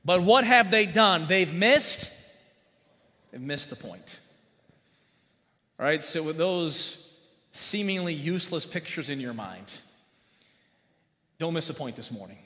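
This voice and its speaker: A man's voice: on the high side, very animated, takes it slowly, pauses often, sharp tone. A man preaching a sermon as pastor, folksy, telling jokes and asking the congregation questions. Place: church sanctuary. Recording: long church hall reverb.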